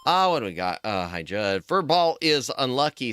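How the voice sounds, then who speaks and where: Lively, bright-voiced man streaming a game. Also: on the high side, normal speed, few pauses, faint music behind. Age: young adult. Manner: joking, chatty, reads chat aloud, yelps at deaths. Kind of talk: casual gaming stream chat.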